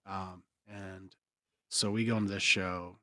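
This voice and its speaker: A man's voice: low-pitched, little pitch movement, a little slow, bright, forceful tone, dry recording, studio quality. A young man, co-hosting a podcast and rambling through a story with bursts of laughter. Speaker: podcast co-host. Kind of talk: casual storytelling chat.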